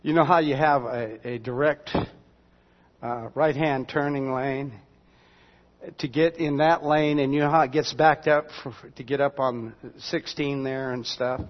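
In a steady, medium-pitched voice at a slightly slow pace, a man preaches a sermon built on everyday stories, folksy and conversational, with asides to his congregation. The recording is dull and lo-fi, with long hall reverb.

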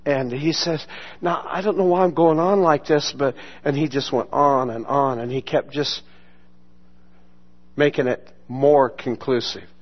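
A man's voice: mid-range voice, fairly even intonation, a little slow. A male pastor telling a personal testimony in a sermon, acting out the voices he quotes and laughing often. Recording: muffled lo-fi sermon recording.

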